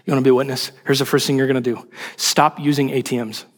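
A man preaching a sermon in an animated, emphatic way, asking rhetorical questions. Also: medium pitch, quick pace, in a large hall. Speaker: pastor.

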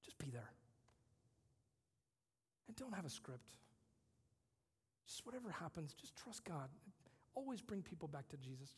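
A male pastor preaching a conversational sermon, moving between loud emphasis and hushed whispers. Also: on the high side, big pitch swings, a little slow, long pauses, slightly rough, big-room sound.

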